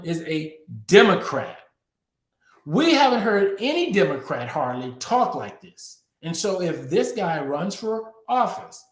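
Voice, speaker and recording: A man hosting a crypto politics show, giving emphatic news commentary straight to his viewers. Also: sits high. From Texas. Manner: emphatic, addressing viewers directly. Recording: echoey room.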